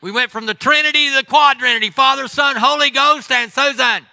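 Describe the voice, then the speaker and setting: A man preaching a humorous sermon as pastor, animated, swinging between loud exclamations and quiet asides. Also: extremely high pitch, a little fast, creaky, no echo.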